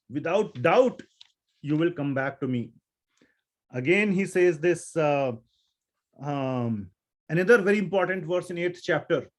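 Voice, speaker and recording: A man's voice: on the high side, normal speed. A man giving a scripture lecture, reciting Sanskrit verses and asking his students questions. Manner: explanatory, asks students questions. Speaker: Gita teacher.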